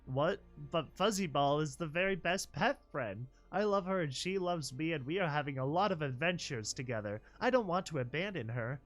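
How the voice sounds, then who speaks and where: A man doing a high pleading little filly. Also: lively intonation, moderate pace, few pauses, soft background music, lightly acted. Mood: upset. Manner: childlike, pleading, voice cracking. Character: young filly foal, innocent, stubborn.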